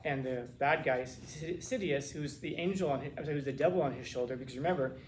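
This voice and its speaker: A man's voice: medium pitch, fast talker, reverberant, a little hiss or hum. A man teaching a classroom lecture in a casual, conversational way, often repeating words as he searches for phrasing.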